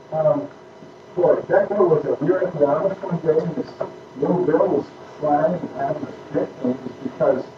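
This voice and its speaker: A man teaching a church class on parenting, emphatic and conversational, often checking that his listeners follow. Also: a little high. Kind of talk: informal teaching talk with questions. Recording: echoey room, distant mic, muffled, noisy.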